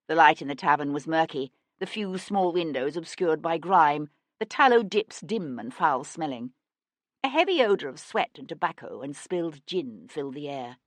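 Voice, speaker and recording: A woman narrates a historical crime novel in a low, expressive voice. Her pitch moves a lot as she tells the story, and the recording is dry and close to the mic. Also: normal speed, dry recording. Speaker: audiobook narrator. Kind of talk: scripted narration.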